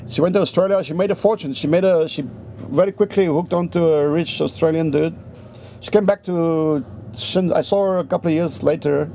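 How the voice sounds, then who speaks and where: A man's voice: on the high side, a little fast, creaky, dark tone, slight background noise. A man telling a rambling anecdote in a casual vlog, swearing constantly. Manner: rambling, profane, heavy swearing. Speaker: vlogger. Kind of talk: casual storytelling rant.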